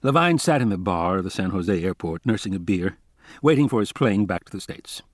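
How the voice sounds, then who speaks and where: A man's voice: low voice, expressive, fairly quick, dry recording, studio quality. A man reading a novel aloud as an audiobook narrator, telling it steadily. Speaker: audiobook reader.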